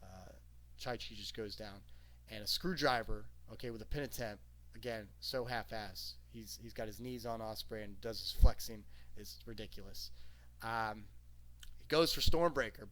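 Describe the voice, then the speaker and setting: A man recapping a wrestling show in a casual, excited, rambling way. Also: lowish voice, moderate pace. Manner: excited, rambling, lots of "okay?".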